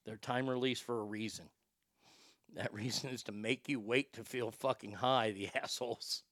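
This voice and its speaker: A man's voice: medium pitch, steady tone, moderate pace, fairly bright tone, dry recording, clean studio sound. A man hosting a show in a rambling, profane comedic rant, often stammering and repeating words. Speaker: show host.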